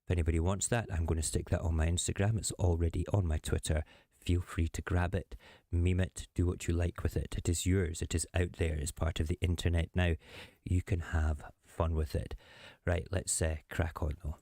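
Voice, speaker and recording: Low-pitched male host, chatty and sarcastic, dry close sound. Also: level tone, normal speed, hardly any pauses, warm tone, dry recording. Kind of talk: casual political commentary.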